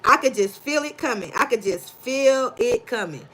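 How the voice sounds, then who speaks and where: Brief: high, bright-voiced woman hosting a live tarot reading, effusive, repeats herself, talks straight to viewers. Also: lively intonation, normal speed. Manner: effusive, repeats phrases, calls viewers baby and y'all. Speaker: tarot reader.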